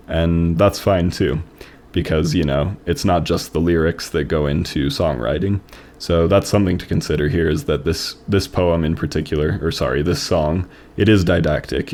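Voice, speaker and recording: A man's voice: low-pitched, a little mellow. A man hosting a review of fan-submitted poems, reading them aloud and then discussing them in a thoughtful, conversational way. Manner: thoughtful, conversational, many fillers like "you know" and "right". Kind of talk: reading aloud and casual critique.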